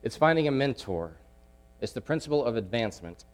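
A man preaching a sermon, emphatic, repeating key phrases and swinging between loud pushes and hushed asides. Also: medium pitch, very animated, fairly quick.

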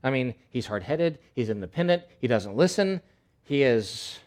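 A male pastor preaching a sermon in an animated, conversational way, with emphatic repetition. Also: mid-range voice, normal speed.

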